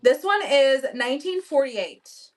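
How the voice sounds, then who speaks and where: A woman's voice: high voice, expressive, measured pace, far from the mic. A woman hosting a casual live-stream auction, chatting upbeat as she describes vintage items for buyers. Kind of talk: casual live-selling chat.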